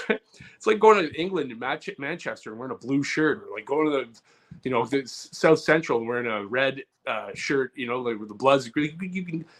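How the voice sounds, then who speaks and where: A man's voice: medium pitch, brisk. A man co-hosting a comedy podcast, talking heatedly, swearing and restarting his sentences. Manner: heated, repeats words and restarts often, swears. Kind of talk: casual podcast chat.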